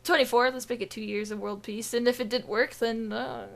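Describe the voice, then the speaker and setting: Lady cohost on a gaming podcast, kinda high voice, rambly, giggles and cusses a lot. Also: steady tone, a little fast, creaky, fairly bright tone. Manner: giggly, rambling, with many restarts and swearing. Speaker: podcast co-host. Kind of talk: casual podcast chat.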